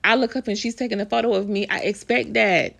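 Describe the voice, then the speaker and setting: Woman vlogger, super gravelly voice, cussing and ranting about celeb drama. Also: medium pitch, fairly even intonation, quick pace, a bit bright. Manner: blunt, profane, emphatic ranting. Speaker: vlogger commenting on celebrity news. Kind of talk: casual celebrity gossip commentary.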